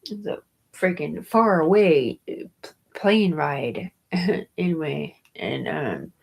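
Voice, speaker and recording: A woman's voice: low voice, expressive, slow pace, creaky, slightly rough, rough recording. A woman telling a rambling personal story about her daughter, full of fillers, restarts, casual swearing and laughs. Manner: chatty and digressive, with frequent fillers and restarts.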